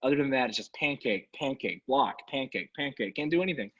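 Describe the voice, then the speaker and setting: A man's voice: mid-range voice, a little fast, slightly rough. Exasperated man ranting about his team. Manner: exasperated, sarcastic, animated ranting with laughs. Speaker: sports podcast co-host. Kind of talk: casual sports talk rant. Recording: dull lo-fi sound.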